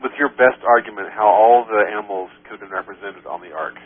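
A man calling in to a radio show, pressing the host with questions and arguing back in halting restarts. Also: on the low side, breathy edge, no echo. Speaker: caller. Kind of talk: call-in radio debate. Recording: tinny phone line.

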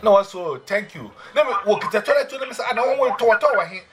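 A man telling a personal testimony. He talks in an animated way, exclaims, acts out what people said, and addresses his listener as madam. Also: sits high, fast, over loud music. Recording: loud noise with clicks.

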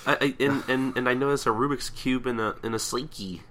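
A man's voice: medium pitch, fairly even intonation, fairly quick, sharp tone. A man co-hosting a podcast, recapping a comic in casual chat, stumbling over his words and swearing now and then. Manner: hesitant, many fillers and restarts, swears casually. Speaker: podcast co-host.

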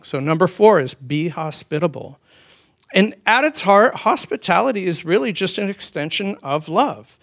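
High-voiced pastor, conversational sermon. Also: male voice, a bit bright. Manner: conversational, storytelling with frequent restarts. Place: church.

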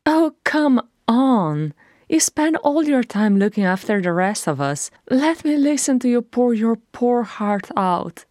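A woman reader voicing a brash, loud younger sister who teases gleefully, in a fan-read audiobook. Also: on the high side, very animated, unhurried, no room sound, clean studio sound, voice pushed up. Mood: teasing.

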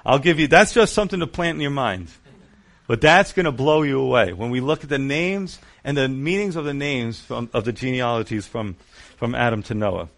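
A man preaching a sermon, reading verses aloud and explaining them with emphatic, animated asides. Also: medium pitch, moderate pace, gravelly. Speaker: pastor.

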